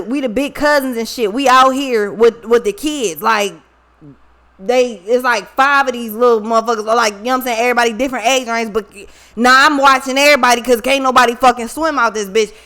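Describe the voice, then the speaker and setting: Speaking a little high and a little fast with a sharp tone, this woman reads cards for her audience. Her casual monologue is blunt, full of profanity and scolding, and includes a story from her own life.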